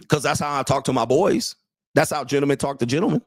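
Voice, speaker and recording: A blunt, crude man in his late forties riffs and reads chat on his livestream, mocking his listeners and laughing at his own jokes. His voice sits at an ordinary middle pitch. The sound is dry and close, with no room around it. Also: fast, no echo. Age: 40s. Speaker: host and dating coach. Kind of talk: livestream commentary reading chat.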